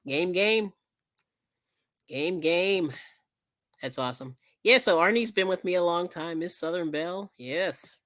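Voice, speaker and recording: A woman's voice: on the low side, measured pace, long pauses, fairly bright tone. A woman hosting a casual live stream, chatting, laughing often and thanking viewers as she crafts. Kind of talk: casual chat while crafting.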